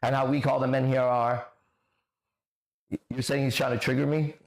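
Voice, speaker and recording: Brief: male stream host, mid-pitched, blunt and profane, lectures his critics. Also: flat delivery, normal speed. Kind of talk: livestream reading and answering chat comments.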